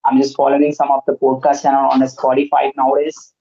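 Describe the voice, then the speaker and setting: A man's voice: mid-range voice, completely flat delivery, fast, gravelly, warm tone. A man chatting earnestly in a casual conversation, speaking learner English with many fillers. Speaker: host. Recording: muffled lo-fi audio.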